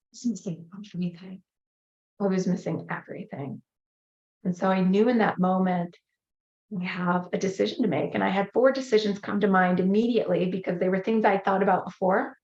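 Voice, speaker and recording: A woman in her thirties, a guest speaker telling an emotional personal story and acting out the quotes. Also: mid-range voice. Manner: earnest, emotional retelling with acted-out quotes. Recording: roomy, slightly dull audio.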